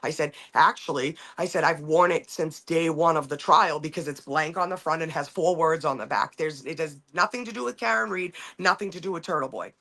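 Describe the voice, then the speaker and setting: A woman's voice: deep voice, brisk, few pauses, a bit bright. A woman in her forties, a podcast host, telling a rambling, profane story in casual chat with many restarts.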